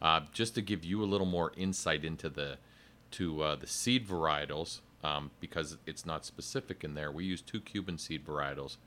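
A man's voice: very deep voice, normal speed, pushed and bright. A man who is a cigar company sales rep, explaining in detail in a playful, casual podcast chat.

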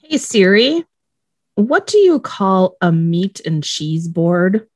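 A woman's voice: medium pitch, sing-song, takes it slowly, darkish tone, dry recording, studio quality. A woman co-hosting a casual podcast who laughs a lot and swears at her phone's voice assistant. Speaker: podcast co-host.

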